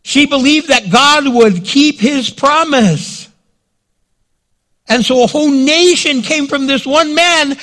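A man's voice: very high-pitched, slow pace, a bit bright. A male pastor preaching a sermon in a dramatic way, acting out scenes and quotes.

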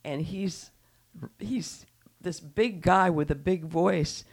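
A woman's voice: fairly low pitch, takes it slowly. A middle-aged woman giving casual, indignant political commentary as a show regular, talking in long run-on sentences. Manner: chatty, indignant, breathless run-on talk.

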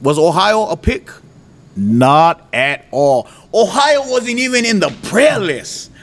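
A man from Hawaii, a preacher giving his testimony, who tells his story with lively jumps in voice and frequent laughter. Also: slow pace. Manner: animated storytelling, voice jumps high and loud when retelling his outbursts; laughs often. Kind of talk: testimony to an audience.

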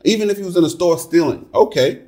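A man's voice: sits high, expressive, fast talker, warm tone. A man in a casual discussion, making his points earnestly, step by step.

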